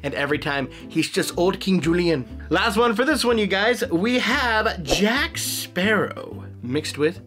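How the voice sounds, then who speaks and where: A young adult man hosting a casual comedy vlog of impressions, excitable and playful. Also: high-pitched, a little slow, few pauses, soft background music. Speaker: impressionist host.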